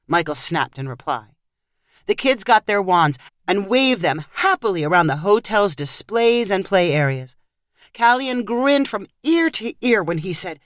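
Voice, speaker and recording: A woman giving an expressive scripted narration of a short family story. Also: lowish voice, unhurried, dry recording, clean studio sound.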